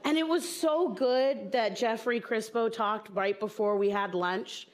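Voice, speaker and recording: A woman comedian from the American South tells playful stories to a live audience on stage. Her voice sits high and she takes her time. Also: a little slow. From southern United States. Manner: playful, storytelling with jokes. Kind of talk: stand-up talk on stage.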